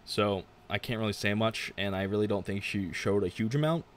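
A young man talks through a wrestling show alone, rambling and blunt, tripping over his own sentences. His voice sits fairly low. A faint noise floor hums under the recording. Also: fairly quick. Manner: rambling, self-interrupting, frank opinions. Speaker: podcast host reviewing wrestling. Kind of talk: casual solo review.

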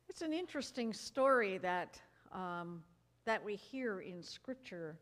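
A woman minister reading scripture as an expressive story, then preaching with measured pauses. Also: mid-range voice. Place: church sanctuary. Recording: reverberant church hall.

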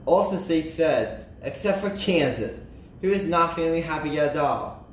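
A man reading a children's storybook aloud in an animated way, slowing down and lifting his voice for emphasis. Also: reverberant, slight background noise, rough recording. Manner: animated, slows and lifts pitch for emphasis and character lines. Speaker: storybook reader.

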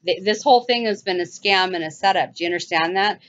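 A woman hosting her own channel, commenting urgently over video clips and mocking with sarcastic high-pitched asides. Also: fast talker, a bit bright. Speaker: channel host. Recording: dull lo-fi sound.

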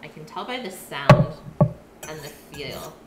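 A woman's voice: low voice, expressive, slow pace, heavy background noise. A woman from Canada cooking on a live stream in her home kitchen, chatting with viewers and answering their chat as she works. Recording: echoey kitchen with loud clatter. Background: clattering pots, pans and dishes.

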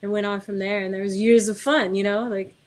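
As a guest car builder in a casual interview, a middle-aged woman recounts anecdotes with lots of animation, performing the dialogue and laughing often. Her voice is medium-pitched and a little fast.

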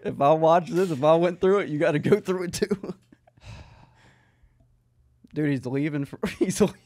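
A male podcast co-host in loose, casual chat, full of sarcasm and frequent laughter. His voice sits at an ordinary pitch. It sounds dry and close, with no room around it. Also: normal speed, darkish tone, no echo.

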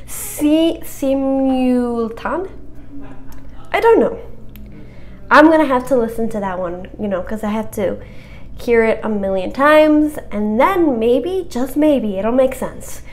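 A woman's voice: fairly high pitch, expressive, measured pace. A cheerful young woman walking through a French vocabulary quiz in a casual, chatty way, encouraging herself and stumbling over hard words.

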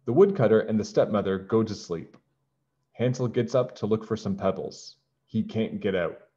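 A man with a low voice reads a children's storybook to his class, his voice rising and falling a great deal. He speaks slowly and clearly, like a teacher. The recording is dull and lo-fi. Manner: slow, clear and expressive for children. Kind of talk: children's storybook read-aloud.

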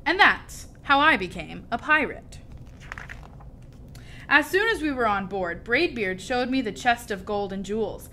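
A woman reading a children's story aloud with expressive, lively storytelling. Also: fairly high pitch, a little slow, slight background noise. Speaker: storybook reader.

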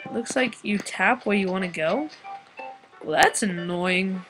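A woman's voice: mid-range voice, a little slow, poor audio. A young woman giving casual, crude and sarcastic commentary while playing a game. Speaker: game player. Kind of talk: let's play commentary. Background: game music.

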